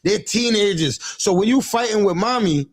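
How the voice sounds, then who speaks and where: A man's voice: high-pitched, animated, moderate pace. A man who is a father, hosting a livestream and talking bluntly and profanely about raising kids, often stumbling and restarting his sentences. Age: adult father. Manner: blunt, profane, repeats himself with many restarts. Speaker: livestream host giving parenting talk. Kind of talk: casual street-talk monologue. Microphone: livestream setup.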